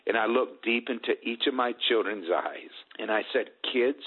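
A middle-aged man telling a personal family testimony in an earnest, halting way, with many restarts. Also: fairly low pitch, phone-quality sound. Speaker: guest telling his family story.

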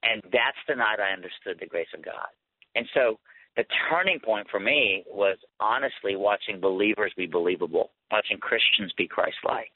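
A man telling a personal faith story as a guest, earnest and animated, often restarting his sentences. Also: on the low side, normal speed, no echo. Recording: tinny phone line.

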